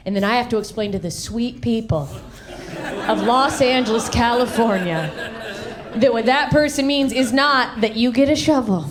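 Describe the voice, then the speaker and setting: High-energy woman doing stand-up before a laughing crowd. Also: normal speed. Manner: high-energy, acts out voices and shouts punchlines. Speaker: stand-up comedian. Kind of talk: stand-up comedy set. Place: comedy stage in front of a live audience. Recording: live stage recording with crowd. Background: audience laughter.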